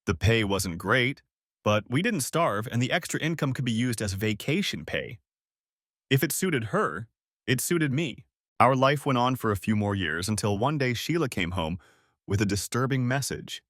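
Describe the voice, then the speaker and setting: A man's voice: medium pitch, lively intonation, normal speed, a bit bright, dry recording, studio quality. A man narrating a first-person story as an audiobook, telling it expressively.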